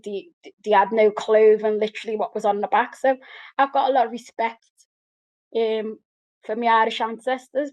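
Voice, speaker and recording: A woman with a somewhat high voice speaks sincerely and plainly. Her tone stays flat, without much rise and fall. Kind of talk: casual interview talk.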